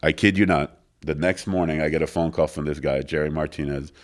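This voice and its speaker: A man's voice: extremely low pitch, brisk. A middle-aged man, telling stories as a guest in a studio interview, acting out the dialogue. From France. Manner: animated storyteller, acts out quoted dialogue, many fillers. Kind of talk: casual storytelling interview. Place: recording studio.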